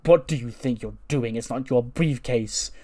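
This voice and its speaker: A man's voice: mid-range voice, normal speed, warm tone, lightly acted. A man plays a smug male tag team wrestler with a showy, mocking manner. The voice is only lightly put on, close to the reader's own talk. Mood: indignant.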